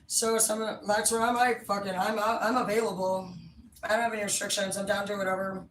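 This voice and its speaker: In a brisk, fairly bright, mid-range voice with little pitch movement, a woman spins a long, profane, blunt story in rambling casual conversation. Slight background noise is present, and the distant mic picks up an echoey room.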